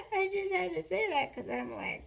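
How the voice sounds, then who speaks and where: A woman doing a casual card reading to camera, playful and joking, laughing often, sometimes slipping into soft whispered affirmations. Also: very high voice, vocal fry, background noise. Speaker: spiritual card reader.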